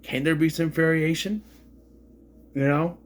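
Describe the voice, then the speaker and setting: A man's voice: fairly high pitch, unhurried. A man casually reviewing a film, rambling and frank, swearing freely as he complains. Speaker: movie reviewer.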